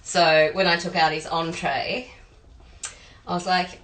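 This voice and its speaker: In a rough recording with a roomy sound and slight hiss or hum, an Australian woman who cooks professionally rambles through stories as she prepares a pie. Her voice is fairly low, a bit bright and unhurried, suiting this chatty cooking demo.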